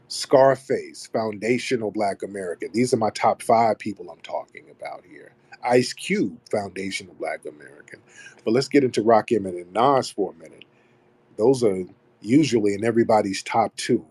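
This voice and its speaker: Husky-voiced man holding forth, emphatic. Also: on the low side, darkish tone. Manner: emphatic, repeats key phrases like a refrain. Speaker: host of a live audio chat room. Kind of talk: monologue to a live audio room.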